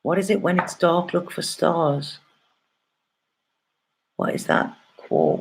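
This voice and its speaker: A woman's voice: low-pitched, animated, takes it slowly, pauses often, a little mellow, slight background noise. A middle-aged woman gives a casual, rambling and heartfelt tarot reading, often checking in with "okay?". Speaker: tarot reader.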